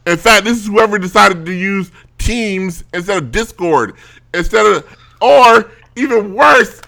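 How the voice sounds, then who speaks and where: A man chats on a casual podcast, his voice bright and a touch high. He tells his story in an exasperated rant, stumbling and restarting as he goes. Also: animated, unhurried, gravelly. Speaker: podcast co-host.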